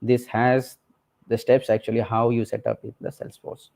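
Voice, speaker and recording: Guy demoing software, mellow low-key voice, lots of uh and okay. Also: monotone, normal speed, gravelly. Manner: conversational, many fillers and tag questions like "right?" and "okay". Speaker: presenter. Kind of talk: technical walkthrough of a screen demo.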